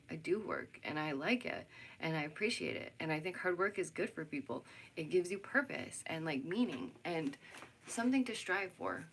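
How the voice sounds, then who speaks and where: A woman's voice: on the low side, a little hiss or hum. A young American woman vlogging, talking casually and animatedly to her viewers, venting and laughing. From United States. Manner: animated, ranting, frequent laughs and "right?". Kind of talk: casual opinion chat to camera.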